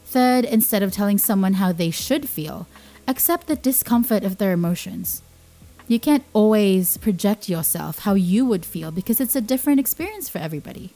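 Young woman host, mellow warm voice, earnest, casual explainer delivery. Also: medium pitch, expressive, moderate pace. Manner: earnest, repeats key points for emphasis. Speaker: podcast host. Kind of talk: casual informative talk.

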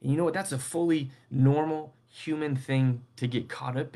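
A young adult man delivers a sermon in an easygoing, chatty way. His voice sits at an ordinary middle pitch, and he keeps checking in with the listeners. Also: steady tone, normal speed, dark tone. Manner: conversational, keeps asking "right?". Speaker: preacher. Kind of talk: casual sermon.

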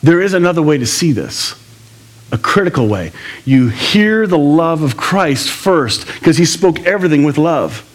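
A man preaching a sermon to a church congregation, conversational and animated, with jokey asides. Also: a little high, moderate pace. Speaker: pastor.

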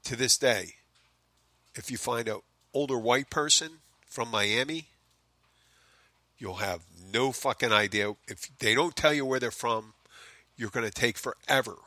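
Philly guy rambling on his comedy podcast, swearing a lot, bright voice, dry close sound. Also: mid-range voice, a little slow, no room sound. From Philadelphia. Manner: rambling, profane, self-mocking asides. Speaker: podcast host. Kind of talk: casual comedic monologue. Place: home in the Florida Keys.

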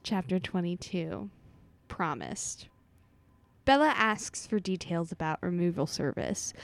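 A woman's voice: medium pitch, no room sound. A woman co-hosting a podcast, reading chapter summaries and laughing through casual chat. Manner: slow, giggly, reads summaries. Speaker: podcast co-host.

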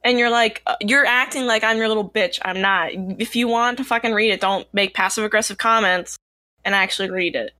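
A woman's voice: mid-range voice, a little fast, sharp tone. A woman from New York City with a New York accent, arguing heatedly and profanely on a group call, talking over the others. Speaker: castaway.

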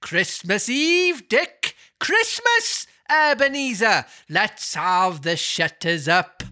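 A narrator voicing a fat, jovial old merchant with a Welsh accent, booming and drawn out. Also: sing-song, slow, pushed and bright, exaggerated voice. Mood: jolly.

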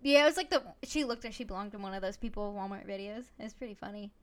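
A woman's voice: medium pitch, rapid-fire, fairly bright tone. A woman hosting a podcast, chatting casually with a playful, teasing, giggly manner. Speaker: podcast host. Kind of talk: casual chat.

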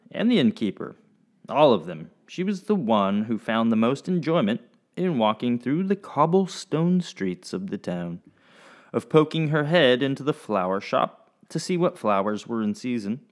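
A man narrating a storybook episode in an expressive, animated storytelling manner. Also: medium pitch.

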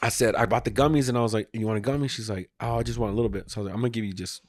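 A man's voice: mid-range voice, steady tone, very fast, darkish tone, no echo. A man hosting a podcast, telling a long casual story full of restarts and swearing, acting out his own quoted lines. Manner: rambling, acts out quotes, swears freely. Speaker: podcast host.

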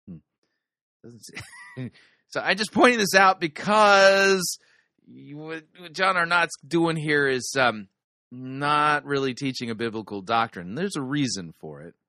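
A man's voice: mid-range voice, sharp tone, no echo. A man hosting a sermon review, giving dry, wisecracking critical commentary on a preacher's clip.

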